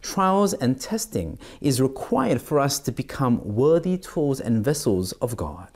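A man's voice: mid-range voice, big pitch swings, a little slow, darkish tone. A middle-aged man as pastor, giving a devotional sermon and reading scripture aloud, with many fillers and restarts.

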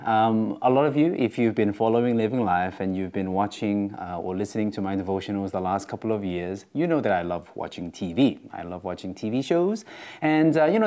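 A man's voice: lowish voice, expressive, fairly quick, mellow. A man with an Australian accent giving a chatty, informal devotional talk as its host.

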